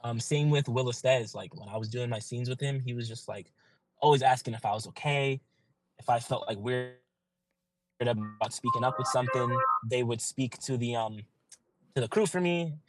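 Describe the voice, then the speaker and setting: A man's voice: mid-range voice, moderate pace, rough recording. A young man, a guest actor, telling earnest stories in casual podcast chat, full of likes and you-knows. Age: young adult.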